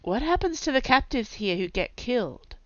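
A woman's voice: on the high side, sing-song, moderate pace, a bit bright, dry recording, dull audio, voice pushed up. A woman voicing an earnest, wary young male fighter who asks urgent, probing questions.

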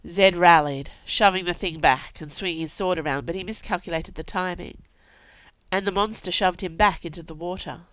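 A woman with a fairly low voice narrates a story aloud at an even, steady pace. The recording is dry and close, with a dull, lo-fi tone. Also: normal speed, dry recording. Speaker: audiobook narrator.

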